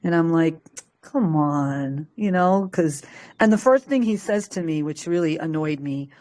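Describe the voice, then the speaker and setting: Brief: woman from Peru, lower voice, chatty call participant who laughs and acts out quotes. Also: moderate pace, darkish tone. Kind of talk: casual chat.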